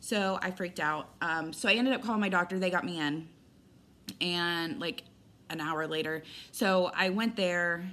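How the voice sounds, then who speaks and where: A woman's voice: lowish voice, a little slow, bright, forceful tone. A middle-aged woman giving a rambling, candid personal update as a vlogger, retelling events with quoted dialogue.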